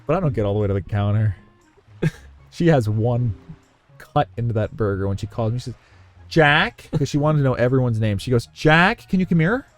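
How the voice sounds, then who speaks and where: A man's voice: mid-range voice, fairly quick, pauses often, soft background music. A man telling a story in casual chat as a podcast co-host, acting out the people he quotes. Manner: animated storyteller who acts out quotes.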